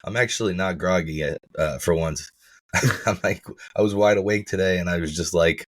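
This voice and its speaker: A man co-hosting a podcast in casual chat, his voice rough and froggy from feeling unwell, rambling and restarting sentences. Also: deep voice, a little fast. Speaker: podcast co-host.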